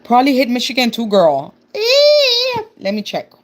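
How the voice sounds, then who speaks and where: A woman's voice: on the high side, lively intonation, fast talker, a little mellow. A young woman with a Texan accent chatting casually on a live stream, reading viewer comments aloud and calling everyone "girl". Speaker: livestreamer.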